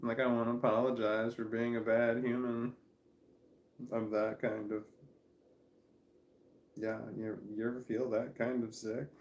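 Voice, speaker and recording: A man talks straight to the camera in a loose, meandering monologue at a middle pitch, often trailing off and circling back. His voice echoes around the room he's sitting in at home. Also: flat delivery, a little slow, pauses often, a little mellow, a little hiss or hum. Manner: candid, wandering, self-deprecating, often trailing off. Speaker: vlogger. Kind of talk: casual rambling monologue to camera. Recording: roomy echo.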